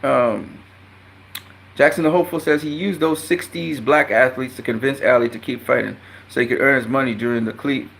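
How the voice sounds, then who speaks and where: Brief: male commentator, casual profane rant, blunt and heated, mid-pitched with sudden loud spikes. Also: normal speed, creaky, a little hiss or hum. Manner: rising to loud high outbursts. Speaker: boxing commentator.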